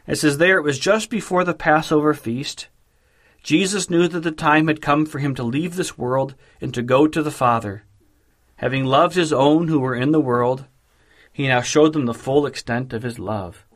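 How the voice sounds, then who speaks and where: A man preaching a devotional sermon in a measured, emphatic way, slowing down on key phrases. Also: a little high, a bit bright.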